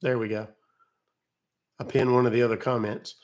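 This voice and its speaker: A man's voice: mid-range voice, flat delivery, normal speed. Chatty man hosting a livestream. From West Virginia, USA. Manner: joking, chatty, talks to his chat. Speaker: scam-baiting livestream host. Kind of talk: casual livestream chat.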